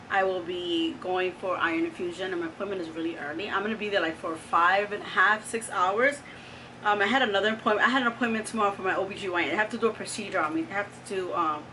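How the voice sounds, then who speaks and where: Woman vlogging casually, bright clear voice, lots of "like", faint room noise. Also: mid-range voice, low-quality recording. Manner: chatty, animated, lots of "like" and "oh my God". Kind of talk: casual storytelling to camera.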